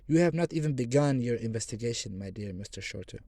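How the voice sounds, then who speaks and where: An eccentric gentleman, as a male narrator puts him on, intense and emphatic, his voice jumping high and loud on key words. The tone stays dark and mellow, in a dry, close reading. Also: lively intonation, fast, no room sound. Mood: insistent. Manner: emphatic, rising to sudden loud declarations.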